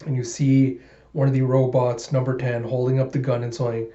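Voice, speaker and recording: A man's voice: medium pitch, level tone, moderate pace, dark tone. A man retelling a comic with feeling. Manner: enthusiastic, emotional, casual retelling. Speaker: manga reader and vlogger. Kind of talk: comic readthrough narration. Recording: roomy, dull home recording.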